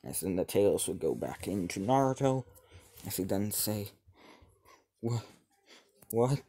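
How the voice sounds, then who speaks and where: A man telling a fan-made story off the cuff, halting and restarting his sentences, stringing events together with "as". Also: low voice, very animated, mellow. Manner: halting, many restarts and repeated "as he would". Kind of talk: improvised fan-fiction narration.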